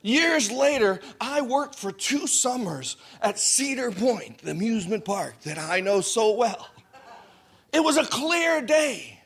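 A man telling a personal story with drama, dropping to hushed asides and rising to shouts, laughing through lines. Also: very high-pitched, sing-song, slow, slightly rough.

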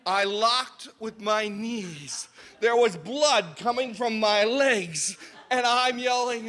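A man telling a personal story with drama, dropping to hushed asides and rising to shouts, laughing through lines. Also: very high voice, takes it slowly, a faint crowd.

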